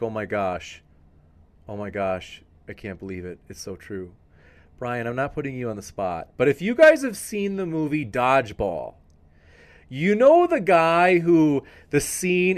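A man hosting a live-streamed debate podcast, chatting in a rambling, enthusiastic way and talking straight to his viewers. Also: mid-range voice. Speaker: debate show host.

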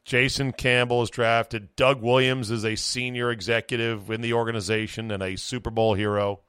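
A man in mid-range pitch rants about sports in loose, profane podcast chat. He is opinionated and slips into voicing players mid-sentence. The sound is dry and close. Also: level tone, moderate pace, a bit bright, clean tone, no room sound. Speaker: podcast host.

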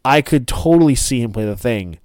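A man co-hosting a casual chat, animated and enthusiastic, laughing often. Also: medium pitch, a little fast, no echo, studio quality. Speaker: podcast co-host.

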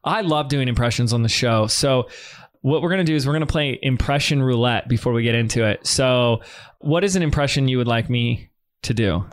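A man hosting a business podcast in an energetic, quick, casual way. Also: medium pitch. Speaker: podcast host. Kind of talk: casual chat.

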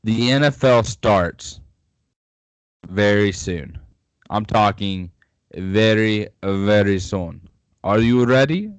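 A man's voice: lowish voice, slow, pauses often, clear, resonant tone, no echo. A young man co-hosting a casual sports podcast, upbeat and joking. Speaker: podcast co-host.

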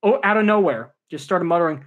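A man's voice: high-pitched, animated, fast talker. A man co-hosting a casual sports podcast who drops dry, sarcastic quips. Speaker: podcast co-host.

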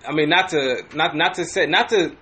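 Podcast host, male, high bright voice, animated profane storyteller, restarts often. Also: normal speed. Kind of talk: casual storytelling.

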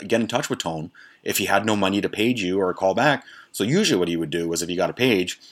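A middle-aged man, a podcast host, telling a profane, rambling anecdote in casual storytelling style. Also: sits low.

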